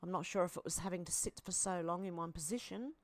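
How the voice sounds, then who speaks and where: A woman's voice: fairly low pitch, fast, no room sound. An Australian woman hosting a live stream, casually reading out posts and viewer comments with chatty asides. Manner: chatty, reacts aloud, with asides and fillers.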